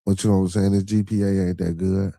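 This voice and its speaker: This podcast host talks fast in a low, level voice that's warm and full of vocal fry, with no room sound. A middle-aged man with a Chicago accent, he rambles through a casual livestream monologue, cursing freely and tacking a listener question, constantly "you feel me," onto nearly every thought.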